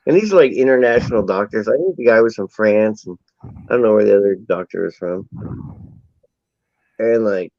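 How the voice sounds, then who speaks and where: A man's voice: lowish voice, moderate pace, long pauses, a little mellow, dry recording. A man telling a long rambling anecdote in casual chat. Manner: rambling anecdotal storytelling with acted quotes. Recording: dull lo-fi sound.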